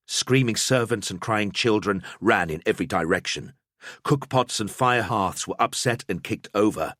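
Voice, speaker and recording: A man's voice: on the low side, measured pace, fairly bright tone, dry recording, studio quality. A man narrating an audiobook, telling a battle scene in a dramatic storytelling style. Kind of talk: scripted narration.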